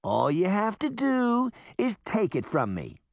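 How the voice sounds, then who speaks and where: A man voicing a sharp, bossy young girl who scolds and taunts. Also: medium pitch, big pitch swings, normal speed, no echo, clean studio sound, pitched above the performer's own voice. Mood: taunting. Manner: impatient, scolding.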